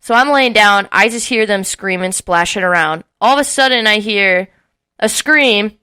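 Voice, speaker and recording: A young woman in her twenties tells a rowdy story on a casual podcast. Her voice is bright and clear, and she acts out what people said with a lot of swearing. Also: medium pitch, normal speed. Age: early 20s. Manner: animated, swearing often, acting out quotes with laughs. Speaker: podcast co-host.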